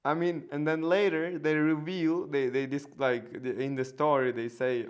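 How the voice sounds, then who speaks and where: A man's voice: mid-range voice, flat delivery, moderate pace, few pauses, clear, resonant tone. A man hosting a casual live stream, talking hesitantly with many fillers and restarts. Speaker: host.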